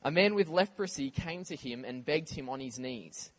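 A man preaching a sermon in a conversational, animated way, with casual asides to the congregation. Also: medium pitch, moderate pace.

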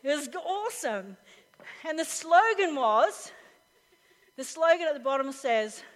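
Brief: high-pitched woman pastor, lively story-driven sermon, long hall reverb. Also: measured pace. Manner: animated storytelling, laughs often. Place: church hall with live audience. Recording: reverberant live hall recording.

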